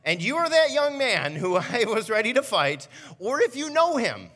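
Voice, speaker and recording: A man, a student pastor, giving a sermon with animated, self-mocking personal stories. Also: extremely high pitch, moderate pace, big-room sound. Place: church auditorium.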